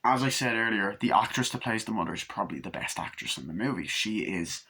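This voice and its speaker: Casual rambling young man with a bright, lowish voice. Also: lively intonation, fast, husky. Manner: rambling, filler-heavy, swears casually. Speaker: film reviewer. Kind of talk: casual vlog review.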